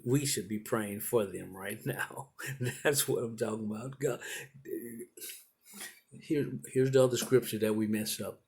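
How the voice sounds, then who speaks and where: A middle-aged man preaches in a low, gravelly voice with a husky edge. He builds his sermon through repeated, encouraging phrases in a steady preaching cadence. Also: measured pace.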